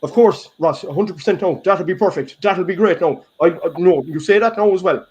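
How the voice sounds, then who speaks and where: A man's voice: high-pitched, fairly quick, a little mellow, highs cut off, voice pushed up, close to an everyday voice. A man mimicking a fawning billionaire dad. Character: doting billionaire father reassuring his adult son.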